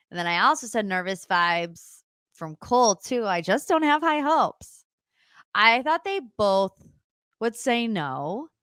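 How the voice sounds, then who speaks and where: A woman's voice: mid-range voice, fairly bright tone, no room sound, clean studio sound. A young adult woman hosting a casual pop-culture podcast, chatty and opinionated, with sarcastic asides. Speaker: podcast host.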